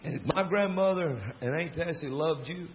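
A man's voice: on the high side, moderate pace. Folksy Southern man preaching a story. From American South. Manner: folksy, animated storyteller with laughing asides. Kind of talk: storytelling sermon. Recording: dull lo-fi recording with faint crowd and noise. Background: faint audience laughter.

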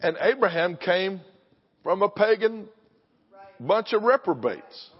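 A man's voice: high voice, sing-song, takes it slowly, husky. An older man preaching a sermon in a punchy, confrontational style, pressing the congregation with questions. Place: church sanctuary. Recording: dull sound with long hall reverb.

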